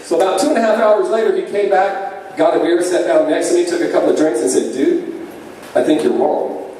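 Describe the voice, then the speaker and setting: A man's voice: sits high, quick pace. Profane stand-up comic man in echoey club. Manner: profane, storytelling with deadpan punchlines. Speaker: stand-up comedian. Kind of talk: stand-up comedy set. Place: comedy club stage. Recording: echoey club sound from far off, faint noise.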